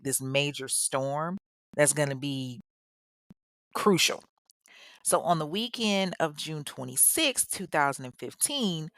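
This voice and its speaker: A woman hosting a podcast, retelling a true-crime case in slangy, chatty, animated casual speech. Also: deep voice, no echo, clean studio sound. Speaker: podcast host.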